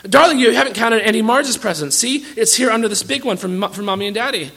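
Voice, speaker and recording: A man's voice: high voice, lively intonation, fast talker, creaky, fairly bright tone, husky, voice pushed up, full character voice. A man putting on an anxious, doting mother. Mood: coaxing. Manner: anxious, coaxing and eager to please. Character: fussy doting mother, grown woman.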